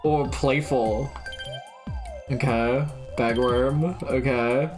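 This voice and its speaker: A young woman with a strikingly deep, low voice talks slowly through a game on stream, throwing out guesses and cursing freely. She laughs at her own mistakes, and faint game music plays quietly underneath. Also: steady tone. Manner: profane, blurts out guesses, laughs at herself. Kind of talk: casual gameplay commentary.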